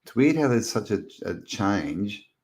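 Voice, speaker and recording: A man's voice: on the low side, big pitch swings, a little slow, darkish tone. A man hosting a casual livestream, rambling and joking as he reads out viewer comments. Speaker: livestream host. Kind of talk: casual live-stream chat.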